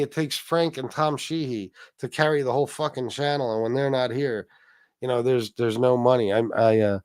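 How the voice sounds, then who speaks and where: Man, livestream host, rambling and profane, mid-pitched, dry close sound. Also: darkish tone, no room sound. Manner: profane, rambling, many restarts. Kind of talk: casual livestream chat reading donations.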